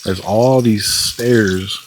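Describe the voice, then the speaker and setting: Exasperated low-voiced man vlogging in kitchen. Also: extremely slow, noisy background. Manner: profane, exasperated storytelling with lots of fillers. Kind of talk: casual storytelling vlog while cooking. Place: home kitchen.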